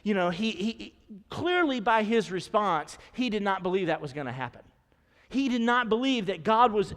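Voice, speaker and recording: High-voiced pastor in a reverberant church. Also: male voice. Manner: conversational, asks the congregation questions. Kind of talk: sermon. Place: church sanctuary.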